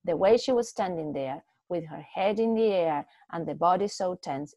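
A woman reading a short story aloud in a steady, expressive way, with a few small slips. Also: on the low side, no echo. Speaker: story reader.

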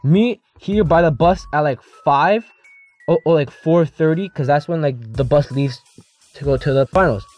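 A guy quoting a calm male coach, matter-of-fact, mellow and fairly high. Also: moderate pace, faint music behind, natural voice. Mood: instructing. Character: adult male volleyball coach, calm and reassuring.

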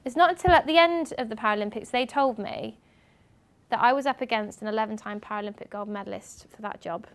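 Animated young woman telling stories to students. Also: fairly high pitch, a little fast. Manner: animated storytelling, acting out others' lines. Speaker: guest speaker. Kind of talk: lively talk to students. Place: university lecture room.

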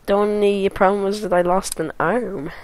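An excitable woman commenting on her own gameplay, swearing freely. She keeps a medium-pitched, ordinary voice but jumps from low mutters to loud yelps and shouts whenever something happens on screen. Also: normal speed, heavy background noise. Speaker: let's play gamer.

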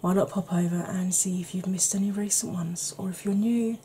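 Soft-spoken woman, mellow tone. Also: mid-range voice, steady tone, normal speed, slight background noise. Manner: chatty, softly spoken with whispered stretches. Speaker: beauty YouTuber. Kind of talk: soft-spoken ASMR makeup chat.

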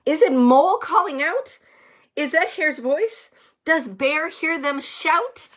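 Lively, slow-reading woman storyteller. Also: high voice. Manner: gentle, expressive, asks children questions, comments on pictures. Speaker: children's story reader. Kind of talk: reading a picture book aloud to young children.

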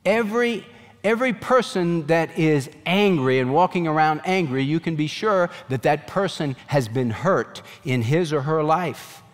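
A man's voice: fairly high pitch, measured pace, big-room sound. A man preaching a sermon as pastor, earnest and emphatic, raising his voice in pleading questions.

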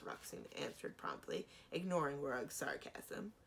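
A woman librarian giving an expressive children's book read-aloud. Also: deep voice, moderate pace, creaky. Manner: expressive, animated reading.

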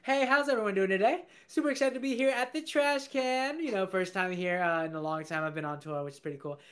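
Breezy raccoon stand-up comic, male, played by a man, upbeat and fast. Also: sits high, a bit bright. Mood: chipper. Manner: upbeat, breezy comedian patter.

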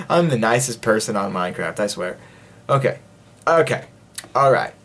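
A man with a lowish, very animated voice gives casual let's-play commentary at a moderate pace, pausing often, his tone fairly bright over slight background noise. As a gaming video host, he rambles and jokes to himself and his viewers, breaking into playful singing.

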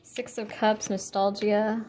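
A young woman giving a casual tarot reading, chatty and full of fillers, blunt and quick to swear. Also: mid-range voice, flat delivery, a little mellow. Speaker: tarot reader.

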